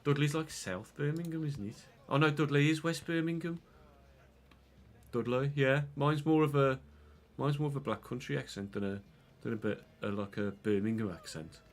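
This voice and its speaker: A man with a cough, streaming a football game and commentating live, excitable and swearing freely while chatting to viewers. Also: medium pitch, normal speed. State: unwell, coughing. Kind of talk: live gameplay commentary and casual chat.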